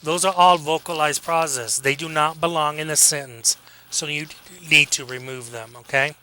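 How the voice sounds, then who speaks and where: A man giving a casual classroom lecture, joking with students, acting out quick examples and checking in with a frequent "okay?". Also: fairly high pitch, fairly even intonation, sharp tone, a little hiss or hum, low-quality recording. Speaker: college lecturer.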